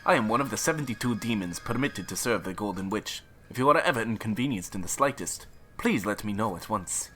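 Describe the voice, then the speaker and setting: A man's voice: fairly low pitch, lively intonation, brisk, few pauses, fairly bright tone, soft background music. A man doing a courteous demon butler. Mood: formal. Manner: courteous, formal. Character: polite, formal demon butler, adult male.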